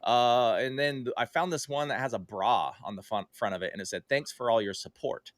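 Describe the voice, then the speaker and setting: A man appears as a podcast guest, casually telling a story and voicing the quoted lines with extra liveliness. His medium-pitched voice moves briskly, with plenty of fillers and self-corrections, and there's no echo.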